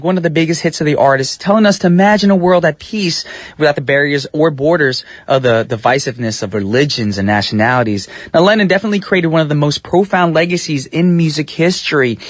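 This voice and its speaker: A man's voice: fairly high pitch, no room sound. A male radio DJ hosting his show in a studio, talking in an upbeat, chatty, slangy way. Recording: radio broadcast with faint music beds.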